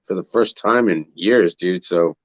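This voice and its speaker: A man's voice: deep voice, a little slow, no echo. Laid-back man reminiscing, dull sound. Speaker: podcast guest, drum tech. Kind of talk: casual chat.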